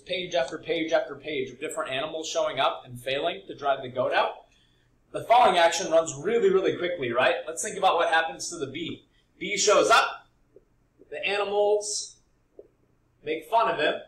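A man's voice: on the high side, normal speed, fairly bright tone, slight background noise. A man teaching a recorded lesson, explaining step by step and often checking in with "right?". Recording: echoey room.

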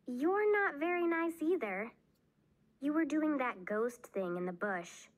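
A woman's voice: sits high, lively intonation, slow pace, pitched above the performer's own voice. A woman reading aloud, voicing a serious young girl who plays at being a witch, earnest and a bit bossy. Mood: chatty.

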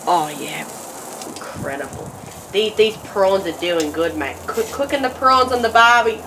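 A woman with an Australian accent doing a jokey, slang-heavy comedy how-to vlog with excitable exclamations, outdoors in a backyard. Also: on the high side, normal speed, background noise. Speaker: comedy vlogger. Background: sizzling food on a grill.

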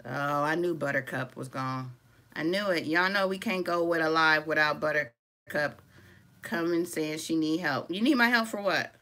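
During a live-stream craft tutorial, a crochet-along host with a deep voice talks at a moderate pace. In a casual, chatty way she welcomes viewers by name, calls them "y'all," and reads out their comments while she crochets.

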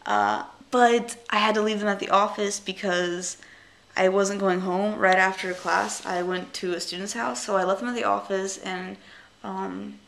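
A young woman who teaches English, chatting casually and rambling off track, breaking into excited squeals as she unwraps things. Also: medium pitch, measured pace, creaky. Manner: rambling, easily distracted, giggly; gushing excited squeals when unwrapping gifts. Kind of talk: casual vlog chat.

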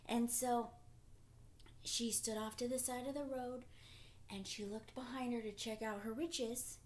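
Slow, hushed woman storyteller. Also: fairly high pitch, steady tone, a little hiss or hum. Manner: slow, hushed, half-whispered narration. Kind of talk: storytelling performance.

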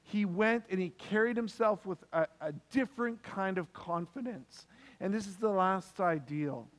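In a church hall, a pastor preaches a sermon in a voice that sits high, at a moderate pace. He is emphatic and repeats key phrases for stress, and the hall gives the recording a long reverb.

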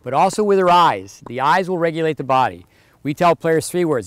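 A man's voice: medium pitch, expressive, a little fast. A man giving a tennis lesson on court, instructing a player with short commands and counting out the serve rhythm. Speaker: tennis coach.

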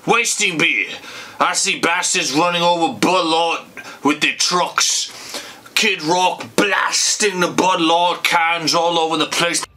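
A man's voice: fairly high pitch, fairly even intonation, takes it slowly, sharp tone. A man giving a rambling, profane comic rant to camera, slurring and emotional like a drunk, calling his audience folks. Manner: rambling, profane, repeats "folks" and "you bastards". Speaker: comedy vlogger.

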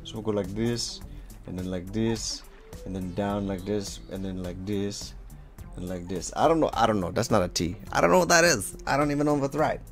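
A man's voice: fairly low pitch, a little fast, soft background music. A man leading a casual draw-along lesson, talking as he draws, playful and rambling with self-mocking asides. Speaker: drawing instructor.

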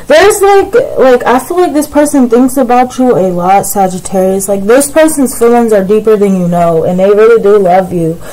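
A woman's voice: medium pitch, normal speed, hardly any pauses, mellow, rough recording. A woman giving a casual tarot reading straight to the viewer, rambling and filling her talk with "like" and "it's like". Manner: rambling, repeats "like" and "it's like", addresses viewer directly. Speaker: tarot reader.

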